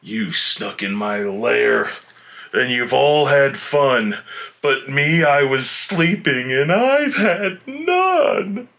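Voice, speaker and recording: A man's voice: medium pitch, lively intonation, extremely slow, vocal fry, fairly bright tone, exaggerated voice. A man doing a big grumpy bear. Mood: grumbling. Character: big grumpy sleepy bear, male, sulking.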